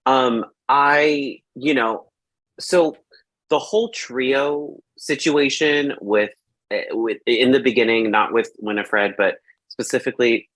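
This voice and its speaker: A man hosts a relaxed film review chat in a middle-pitched voice. He rambles, leans on fillers and slips into quoting his own reactions. The sound is dry and close. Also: slow, dry recording. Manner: rambling, filler-heavy with lots of "like". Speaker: podcast host.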